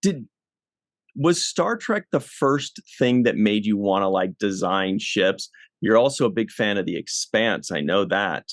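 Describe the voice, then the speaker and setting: A man's voice: lowish voice, expressive, measured pace, dry recording, clean studio sound. A man hosting a casual podcast, asking questions and teasing his guests. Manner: joking, teasing. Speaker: podcast host.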